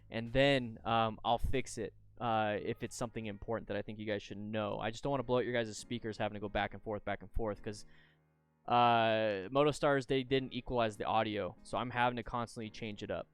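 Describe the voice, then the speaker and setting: Smooth-voiced man hosting a live stream. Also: mid-range voice. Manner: chatty, bursts into loud excited shouts. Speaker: livestream host reviewing motorcycle crash videos. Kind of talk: casual live-stream commentary.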